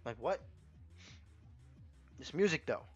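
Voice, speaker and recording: A young man giving excitable, profane let's play commentary and reacting loudly to the game. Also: fairly high pitch, slow. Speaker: gameplay commentator. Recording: slightly muffled, game music behind.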